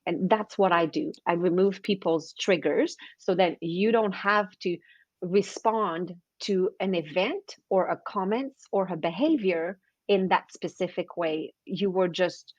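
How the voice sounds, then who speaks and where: A middle-aged woman, a confidence coach, talking in an animated way as a podcast guest and acting out little scenes as she explains. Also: fairly low pitch, unhurried, no room sound. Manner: lively, expressive, acts out little scenes. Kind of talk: animated interview talk. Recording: dull, dry lo-fi sound.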